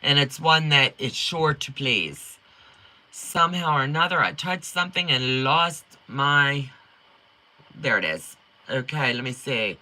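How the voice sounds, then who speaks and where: A middle-aged woman hosting a quilting livestream, chatting in a folksy way with a strong accent, talking fast and reading viewer comments. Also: rumbling low, lively intonation. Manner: upbeat and warm toward viewers.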